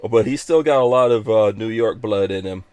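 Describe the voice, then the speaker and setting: A man's voice: fairly low pitch, a little fast, a little mellow, smooth, no echo. A man hosting a live podcast stream, chatting casually in an upbeat, joking, rambling way. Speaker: podcast host.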